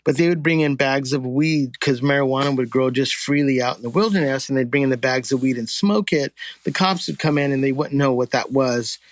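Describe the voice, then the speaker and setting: A man from the United States telling stories casually, lively and acting out the people in them. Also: mid-range voice, fairly quick, no room sound. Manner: animated, acts out voices and sings in quotes. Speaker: storyteller guest. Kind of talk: casual storytelling.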